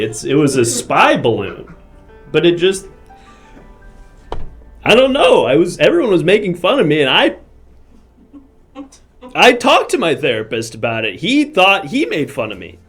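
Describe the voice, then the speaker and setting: A man doing a rambling corporate hiring manager with a slightly high voice, chatty and forever stumbling over his own sentences. He talks in a loose, improvised live-comedy way, and faint music runs underneath. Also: sing-song, moderate pace, a bit bright, husky, exaggerated voice. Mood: emotional. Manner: chatty, rambling, self-interrupting. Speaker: comedy character host.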